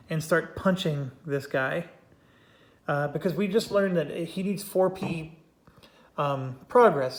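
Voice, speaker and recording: A chatty man with a somewhat high-pitched voice talks through a board game he is playing on his own, laying out the rules step by step. He is wry and easygoing, and every so often wanders off into a good-humored rant. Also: darkish tone. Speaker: board game player and channel host. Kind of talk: casual solo board game playthrough commentary.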